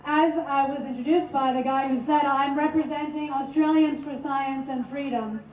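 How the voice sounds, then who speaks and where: A woman professor born abroad giving a measured, articulate speech to a rally crowd. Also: high voice, steady tone, a little hiss or hum. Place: outdoor rally over loudspeakers. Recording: echoey distant lo-fi rally sound.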